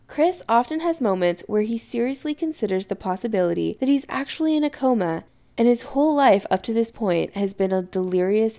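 A woman reading story narration aloud in an expressive, lively way. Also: medium pitch, creaky. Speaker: reader.

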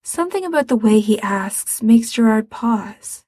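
Woman reading a story out loud, breathy, super slow, dry close sound. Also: on the high side, lively intonation, dry recording. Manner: soft, unhurried and breathy. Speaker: audiobook reader. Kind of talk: storybook narration of fan fiction.

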